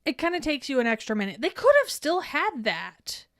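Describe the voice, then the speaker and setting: A woman's voice: high-pitched, sing-song, moderate pace, fairly bright tone, no echo, clean studio sound. Snarky, foul-mouthed podcast co-host woman. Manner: profane, laughing, snarky. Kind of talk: casual chat.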